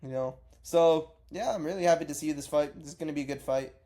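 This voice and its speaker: Mellow-voiced man ranting casually. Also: fairly high pitch, fast. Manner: rambling, profane, self-correcting. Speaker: MMA reaction vlogger. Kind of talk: casual reaction vlog.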